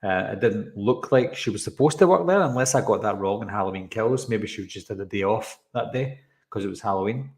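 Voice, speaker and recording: A man's voice: on the low side, fairly quick. A man hosting a live stream, chatting casually as he breaks down a trailer. He rambles, drifts onto tangents and answers chat comments along the way. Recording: roomy echoey room sound.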